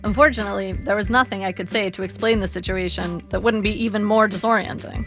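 Woman reading a memoir with vocal fry. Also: medium pitch, steady tone, fairly bright tone. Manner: measured, wry storytelling. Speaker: narrator. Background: faint guitar music.

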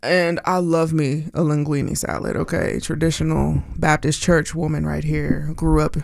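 A woman from Pennsylvania hosting a radio music show, chatty and bubbly, her pitch and pace jumping around as she talks. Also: little pitch movement, normal speed, gravelly, a little mellow, no echo. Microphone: studio mic. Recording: dry studio sound.

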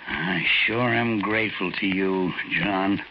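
A man's voice: deep voice, takes it slowly. A man playing a timid, humble little old man who stammers and apologizes, in 1940s radio acting style. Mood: grateful. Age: older. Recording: muffled old radio recording, faint hiss.

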